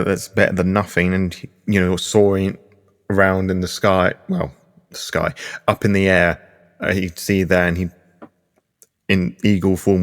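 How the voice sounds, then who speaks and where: A man takes his turn in a tabletop game, thinking aloud as he works out his character's moves. His voice is very deep. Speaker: player.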